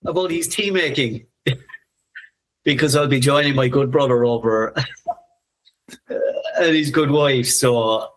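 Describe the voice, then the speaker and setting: A man in his fifties, co-hosting a podcast in a reflective, musing conversational way, soft-spoken and often laughing. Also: mid-range voice, slow, pauses often. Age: 50s. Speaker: podcast co-host.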